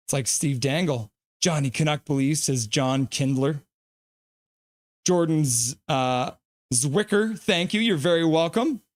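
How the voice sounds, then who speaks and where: A man with a high voice runs his own live hockey stream. He calls the action in an eager, rapid play-by-play and reads out viewers' names and comments as they come in. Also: no room sound, studio quality.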